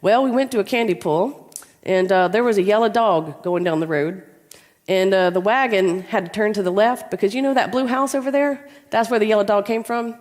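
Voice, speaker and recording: A woman's voice: mid-range voice, fairly quick, darkish tone, lightly acted. A woman voicing an older grandmother who rambles off on side details. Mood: rambling. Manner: meandering, sidetracked. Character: rambling old grandmother who loses the thread. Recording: long reverb in a large hall.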